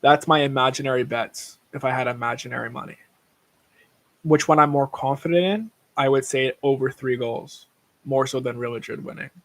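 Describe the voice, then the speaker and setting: A man's voice: medium pitch, moderate pace, fairly bright tone. A young man hosting a casual livestream, rambling through tangents about sports bets and swearing freely. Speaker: livestream host.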